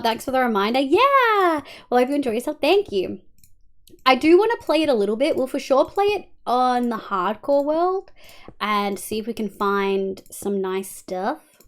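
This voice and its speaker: An Australian woman livestreams a game in a relaxed way, chatting with her viewers. Her voice sits on the high side, and she rambles and mutters with plenty of ums while she builds.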